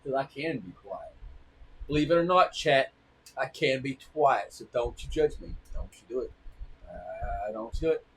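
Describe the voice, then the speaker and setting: While streaming a game, a man talks with his partner and his audience in a drawling, rambling style, laughing between stories. His medium-pitched voice is animated and a bit bright at a normal speed, and the rough recording carries a little hiss or hum.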